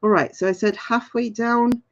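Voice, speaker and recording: Her voice is on the high side, with fairly even intonation and normal speed, captured in dull audio. The woman, in her forties, hosts a playful, chatty tarot stream, reading out chat messages and laughing frequently.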